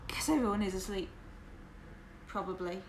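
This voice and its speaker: A woman's voice: mid-range voice, normal speed. A woman from West Yorkshire with a Southern English accent, casually chatting with viewers on her livestream, candid and full of fillers. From West Yorkshire, England. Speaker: livestream host. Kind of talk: casual chat with stream viewers. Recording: echoey room with background noise.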